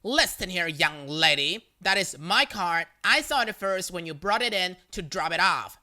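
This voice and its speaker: A narrator voicing a rude, entitled woman shopper who scolds and makes demands loudly, with a lively, bright voice. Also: on the low side, normal speed. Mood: demanding.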